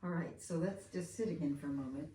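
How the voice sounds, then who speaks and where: A woman teaching a hands-on movement lesson, talking in a gentle, soft-spoken, unhurried way. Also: deep voice. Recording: roomy, from far off, faint room noise.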